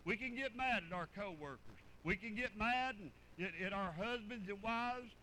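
Man, older, sermon, folksy and rambling, forceful tone. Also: high voice, lively intonation, moderate pace, slight background noise, rough recording. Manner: folksy, rambling preaching with repeated words. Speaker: pastor.

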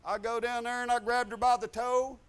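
A man, a pastor telling a testimony in a conversation, folksy and animated, chuckling as he goes. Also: very high-pitched, brisk, clear, resonant tone.

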